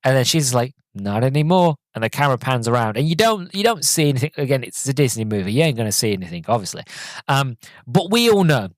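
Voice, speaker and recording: A young man in his twenties talks through a movie on his own podcast, rambling and animated, often stopping to restart a thought. His voice sits at a middle pitch and jumps up when he gets excited. The sound is dry and close, with no room echo. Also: quick pace. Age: 20s. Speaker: podcast host. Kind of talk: casual solo movie review podcast.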